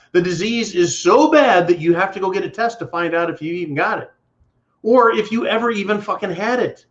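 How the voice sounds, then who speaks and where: A man's voice: sits high, brisk. A man hosting a live stream, ranting bluntly and profanely while reading viewer messages. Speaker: livestream host. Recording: dull lo-fi stream audio.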